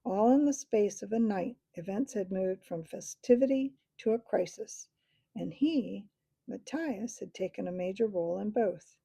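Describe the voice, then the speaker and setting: A woman reading a children's animal novel aloud as storybook narration, sometimes dropping into soft whispers. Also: mid-range voice, moderate pace, gravelly, husky, no echo. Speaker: audiobook reader.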